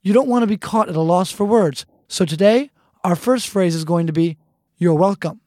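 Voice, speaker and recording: A woman teaching a language lesson, saying phrases slowly and repeating them with care. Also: fairly low pitch, dark tone, no room sound, studio quality. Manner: slow, deliberate repetition of phrases.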